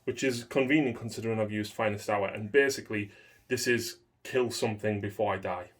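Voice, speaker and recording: A man's voice: on the low side, brisk. A man playing a tabletop wargame, methodically talking through rules and dice rolls in casual commentary. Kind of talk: casual commentary over a game.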